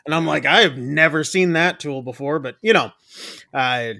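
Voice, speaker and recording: A man's voice: on the high side, normal speed, gravelly, sharp tone. A man casually recapping a movie plot on a podcast, rambling with many fillers and acting out quoted lines. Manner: rambling, lots of ums and uhs, acts out quoted lines. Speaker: podcast co-host recapping a film.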